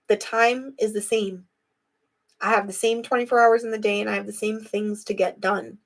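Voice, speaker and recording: A woman's voice: mid-range voice, steady tone, moderate pace. Chatty woman hosting a live stream. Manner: chatty, reflective, addresses viewers directly. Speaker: host of a live video. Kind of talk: casual live-stream talk.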